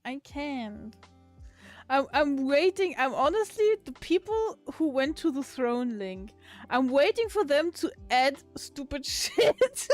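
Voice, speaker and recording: A woman's voice: high voice, sing-song, takes it slowly, soft background music. A woman livestreamer in casual chat with her viewers, giggling often and swearing casually.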